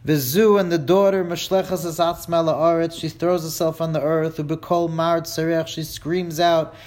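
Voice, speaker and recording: Teaching a class, a male Torah teacher reads Hebrew lines aloud and translates each into English line by line, with dramatic emphasis and wry jokes for his listeners. His voice is on the high side and darkish in tone. He keeps a fairly even intonation at a normal speed.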